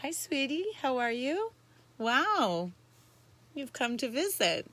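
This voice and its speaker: A woman's voice: fairly high pitch, lively intonation, unhurried, pushed and bright. A woman hosting a casual livestream from home, chatty and bubbly, greeting viewers by name. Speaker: livestream host. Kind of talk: casual live-stream chat.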